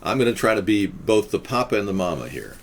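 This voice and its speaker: A man hosts a casual livestream chat with a low, deep voice. He muses in a deadpan, mock-guru way. Faint noise hums under the sound. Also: fast, vocal fry. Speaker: livestream host.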